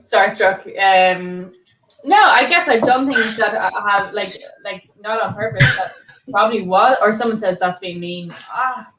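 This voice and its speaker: A woman's voice: medium pitch, a little slow, fairly bright tone, a little hiss or hum. Young woman, co-host, chatty rambling storyteller, sounds distant and roomy. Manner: rambling, lots of fillers and swearing. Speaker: podcast co-host. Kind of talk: casual chat, storytelling.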